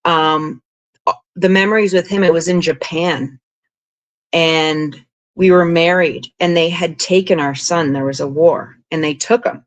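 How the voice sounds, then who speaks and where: A woman's voice: fairly low pitch, unhurried. Rambling woman guest telling spiritual stories. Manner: rambling, animated, frequent 'like' and 'you know'. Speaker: podcast guest, spiritual guide. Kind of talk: casual interview storytelling.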